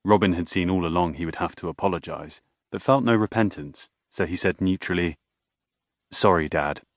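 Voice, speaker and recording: A man reading a novel aloud as an audiobook narrator, in a measured, even way. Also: deep voice, no room sound, studio quality.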